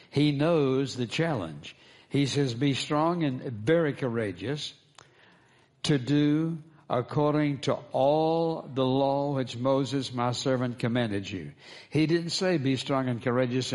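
A man as pastor, preaching a sermon, calling for responses from the congregation and repeating key phrases for emphasis. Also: mid-range voice.

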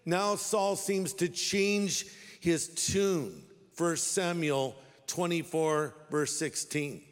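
A man's voice: a little high, slow pace, long reverb tail. A man preaching a sermon as a pastor, talking in a wry, direct, conversational way.

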